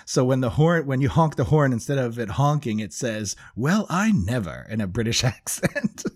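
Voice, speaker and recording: A man's voice: medium pitch, normal speed. A middle-aged man chatting casually as a podcast co-host, rambling with restarts and frequent laughs. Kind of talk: casual chat.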